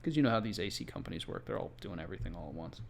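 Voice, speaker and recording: A man's voice: deep voice, animated, racing, vocal fry, a little mellow. A man who works as a home inspector, telling a story from his job in a casual, conversational way with exasperated asides. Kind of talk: casual first-person storytelling. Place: Florida.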